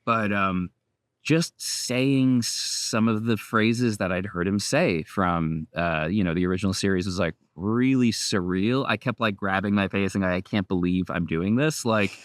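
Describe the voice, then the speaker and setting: A man in his thirties talks casually as a guest, loose and rambling, with frequent laughs. His voice sits low and sounds dry and close. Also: unhurried, no echo. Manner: relaxed, rambling, laughs often. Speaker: voice actor guest. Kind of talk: casual interview chat.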